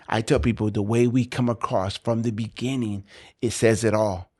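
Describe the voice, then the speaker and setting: A man talks as a podcast guest about training salespeople, confident and emphatic, and he often repeats words for emphasis. His voice sits in a middle pitch range and sounds plain. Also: steady tone, normal speed, a little mellow. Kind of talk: casual interview chat.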